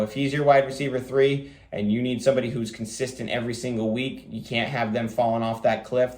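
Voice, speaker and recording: A man hosting a fantasy football show, talking quickly in a casual, rambling way with lots of fillers. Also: fairly low pitch, darkish tone, reverberant. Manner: rapid, rambling delivery with many fillers. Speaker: fantasy football podcast host. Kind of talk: casual solo commentary.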